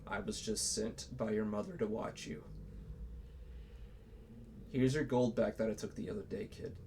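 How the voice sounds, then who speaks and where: A gruff older bartender in a tabletop game, stern and scolding but caring underneath, as a game master puts him on. His talk is folksy and plain, and a faint hum sits behind it. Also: on the low side, flat delivery, moderate pace, warm tone, close to an everyday voice.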